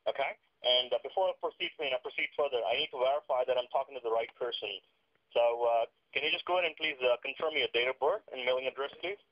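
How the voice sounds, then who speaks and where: A call center agent, a man who talks quickly and fills his sentences with "you know" as he keeps pressing. His voice comes through a dull, muffled phone line. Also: medium pitch. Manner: rapid, filler-heavy, politely insistent.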